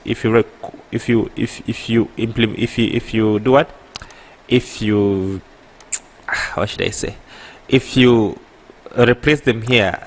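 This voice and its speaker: Halting East African man teaching code. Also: lowish voice. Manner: halting, self-correcting, asks himself "what?". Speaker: programming tutor. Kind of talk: screen-recorded coding tutorial.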